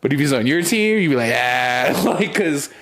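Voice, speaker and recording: A man's voice: on the high side, lively intonation, normal speed, fairly bright tone. A young man co-hosting a podcast, telling stories in a loose casual chat, laughing often and swearing freely. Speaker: podcast co-host.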